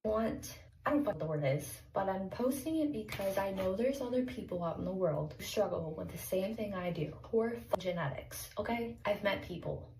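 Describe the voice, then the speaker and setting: A woman's voice: mid-range voice, animated, normal speed, hardly any pauses, a little mellow. A young woman talking anxiously in a confessional vlog, close to tears. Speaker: vlogger in a played clip. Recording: echoey room with background noise.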